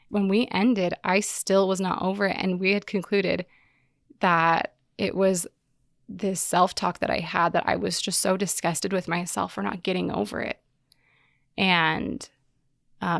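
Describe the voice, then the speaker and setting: A woman in her thirties who hosts a podcast, telling a personal story candidly in a halting way with many fillers. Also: mid-range voice, vocal fry, no echo, clean studio sound. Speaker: podcast host.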